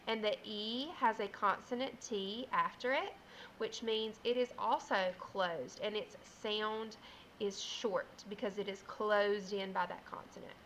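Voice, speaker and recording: A woman teacher giving a first grade phonics lesson, explaining slowly and clearly and sounding out words. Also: mid-range voice, fairly even intonation, fairly bright tone, slight background noise, rough recording.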